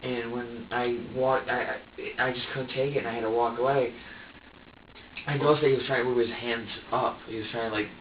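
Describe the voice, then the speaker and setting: A man being questioned by police, talking in halting bursts, repeating words and swearing as he quotes himself. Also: medium pitch, fairly even intonation. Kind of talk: police interrogation recording. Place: interrogation room. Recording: roomy, distant, dull with hiss.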